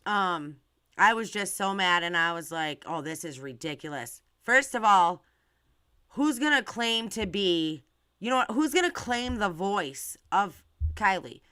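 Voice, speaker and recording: A woman hosts her channel in casual live-stream commentary, rambling and addressing viewers directly with lots of fillers and restarts. Her medium-pitched voice is expressive, a little slow, bright, forceful, and smooth. The recording has no room sound.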